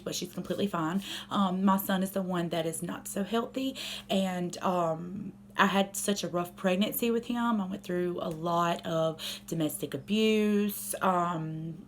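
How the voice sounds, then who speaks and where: A woman's voice: on the low side, a little hiss or hum. A young woman, a mother, talking casually to her camera at home, candid and rambling with many fillers.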